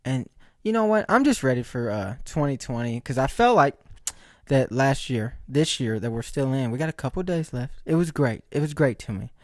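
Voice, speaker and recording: A man's voice: medium pitch, animated, moderate pace, no room sound, studio quality. A man hosting his own podcast, telling stories in a rambling, joking way, laughing often and asking rhetorical questions. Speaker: podcast host. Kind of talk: casual solo storytelling.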